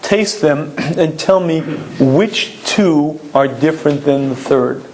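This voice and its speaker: A man giving a recorded Torah lecture, explaining emphatically and clearing his throat often. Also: a little high, slow, a little mellow, slight background noise, low-quality recording.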